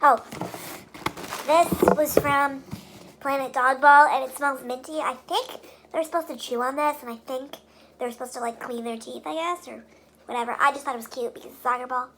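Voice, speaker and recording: A woman's voice: high voice, fairly even intonation, moderate pace, background noise. A young woman vlogging casually, venting with frustration and many fillers. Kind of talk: casual vlog monologue.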